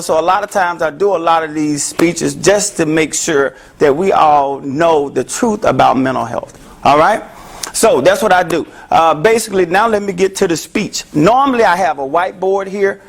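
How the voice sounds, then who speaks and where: A man's voice: sits high, moderate pace, vocal fry. A man giving an interactive health talk to a live audience, joking and asking the room questions. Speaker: mental health speaker.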